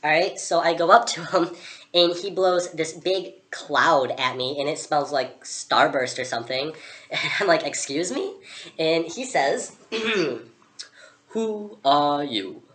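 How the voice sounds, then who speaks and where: A woman's voice: low-pitched, measured pace, a bit bright. A young woman in character as a vlogger, telling a story chattily and sarcastically. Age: young adult. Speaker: vlogger playing Alice.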